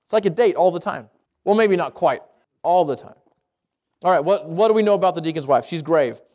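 A man preaching a sermon to a congregation, lively and conversational, with jokes, asides and quick self-corrections. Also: on the high side. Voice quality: speaks around braces. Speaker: pastor.

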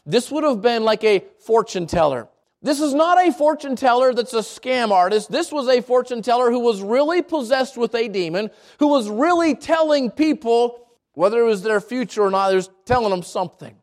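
A man's voice: very high-pitched, expressive, normal speed. A man preaching a sermon in an earnest way, often repeating and restarting his phrases. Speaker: pastor.

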